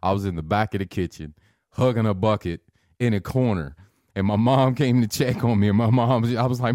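Man, 30s, low-pitched, slow profane storyteller, dry close sound. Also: a little mellow, no echo. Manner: laid-back, profane, drawn-out storytelling. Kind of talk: casual storytelling chat.

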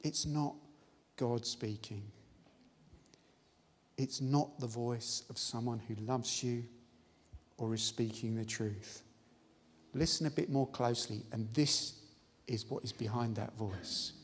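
A man's voice: medium pitch, slow pace, husky. A man preaching a sermon in an earnest, emphatic, exhorting manner. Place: church hall. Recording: live-stream audio with long hall reverb.

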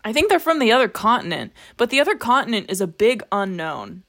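A woman's voice: fairly high pitch, big pitch swings, fast talker, a bit bright. A young woman co-hosting a casual book podcast, chatty and questioning, with wry asides. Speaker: podcast co-host.

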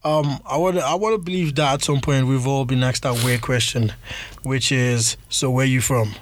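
A man's voice: mid-range voice, fairly even intonation, normal speed, a little hiss or hum. A man, chatting casually and often stumbling over restarts. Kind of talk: casual chat.

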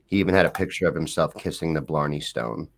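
A man's voice: extremely low pitch, fast, gravelly. A man co-hosting a podcast, chatting casually in a playful, teasing, rambling way. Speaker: podcast co-host. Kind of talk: casual joking chat.

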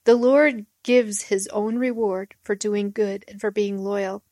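A woman's voice: mid-range voice, little pitch movement, slow pace, a little mellow, dry recording, close to an everyday voice. A woman reading aloud the lines of a young male warrior-king, giving them raised emphasis. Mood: solemn.

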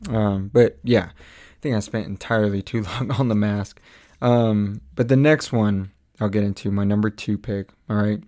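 A young man casually chatting to his audience, rambling with many fillers, frequent laughs and animated quoted lines. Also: on the low side, moderate pace. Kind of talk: casual chat.

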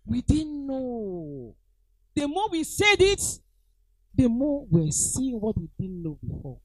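A middle-aged Nigerian woman preaching with a high voice that leaps up and down in pitch. She presses her points by repeating them and calls out to her congregation. The sound is close and dry. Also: huge pitch swings, slow, darkish tone, no room sound, poor audio. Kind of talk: sermon.

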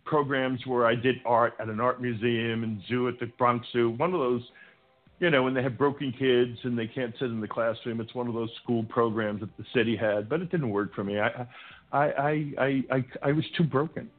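An older man talks as a podcast guest, his voice squeezed into a narrow, phone-like band. He tells stories loosely, restarting sentences and jumping into other people's voices when he quotes them. His pitch sits in the middle for a man. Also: normal speed. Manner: animated storyteller, acts out quotes with shouting, stammering restarts. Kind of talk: casual interview storytelling. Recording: tinny phone-like line.

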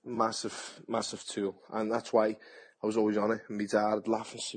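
An English boxer and TV pundit talks bluntly and chattily in a casual interview, often repeating his words. His lowish voice comes across completely flat and a little fast, with a slight hiss or hum on the recording.

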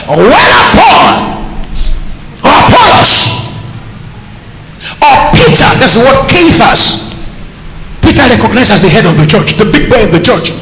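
A man with a Nigerian accent preaching a sermon as a pastor, emphatic and animated, often breaking into shouts. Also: very high voice, background noise. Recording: echoey hall with long reverb.

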